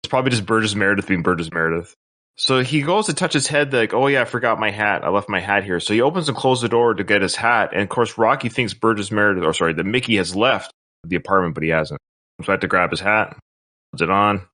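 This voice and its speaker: A man's voice: on the low side, animated, fast, pushed and bright. A man hosting a podcast, recapping film scenes in casual chat and acting out quotes. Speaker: podcast host.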